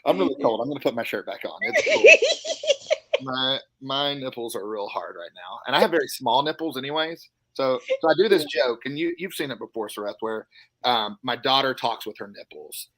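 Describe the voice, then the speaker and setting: A comedian guest chats casually on a live stream call, telling self-mocking stories and jokes in a playful way. His mid-range voice swings widely in pitch, moves a little fast, and sounds a bit bright. There's no room sound.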